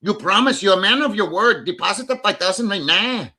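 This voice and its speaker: A man's voice: high-pitched, expressive, a little fast, sharp tone, pitched above the performer's own voice, exaggerated voice. A man putting on the voice of a demanding Filipina woman who chases money in broken English. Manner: pushy, insistent, broken English.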